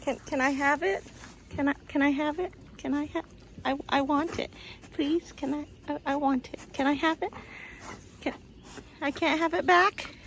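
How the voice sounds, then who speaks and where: Lady doing a pleading little dog voice, high and stammery, wants that lettuce so bad. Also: fairly even intonation, moderate pace, slight background noise. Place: outdoors by a chicken coop.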